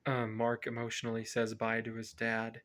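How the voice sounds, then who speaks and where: A man's voice: medium pitch, completely flat delivery, moderate pace, fairly bright tone. A man reviewing a film, retelling its plot casually in a rambling way and often correcting himself. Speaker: movie reviewer.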